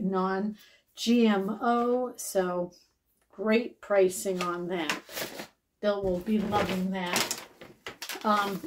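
A woman's voice: mid-range voice, background noise. A woman vlogger chatting casually while showing off a shopping haul. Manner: chatty, slow and deliberate when showing items.

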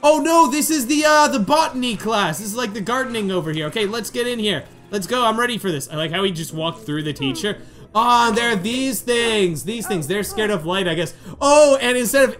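A man giving chatty, excitable commentary over his own video game playthrough. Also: high voice, fairly quick, few pauses. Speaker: gamer doing a playthrough. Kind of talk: casual let's-play commentary. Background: game music.

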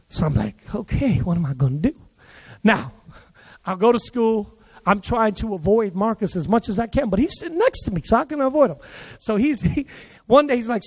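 High-voiced preacher in a reverberant hall. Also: male voice. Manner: animated, acts out quoted voices. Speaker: pastor. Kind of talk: sermon with storytelling. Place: church service.

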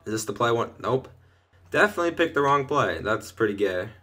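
A young man casually commenting on his own gameplay from his bedroom, chatting through each play and getting loud and excited when things go well. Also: medium pitch, fairly quick. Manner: excitable, shouts and laughs at big plays. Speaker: gaming video host. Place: bedroom at home.

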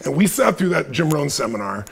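Fast, gravelly high-voiced man storyteller. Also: big pitch swings. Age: 50s. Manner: intense and hyped, laughing through his own story. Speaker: guest speaker at a live online training. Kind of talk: animated storytelling.

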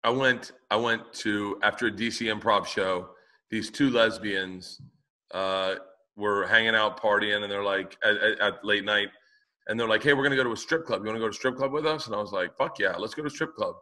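A man's voice: lowish voice, brisk, bright, forceful tone. A male comedian co-hosting a podcast, telling blunt stories in casual chat. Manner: blunt storyteller, swears.

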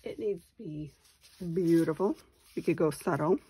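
This papercraft channel host, a Wisconsin woman in her forties, talks her way through a relaxed craft tutorial, chatty and mumbling to herself mid-task. Her voice is low and mellow, moving at a moderate pace, with a little hiss or hum on the recording.

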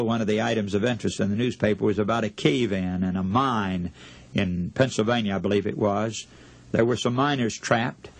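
Male radio preacher, mid-pitched, earnest and impassioned, dramatic pauses. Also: husky, dry recording. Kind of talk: sermon.

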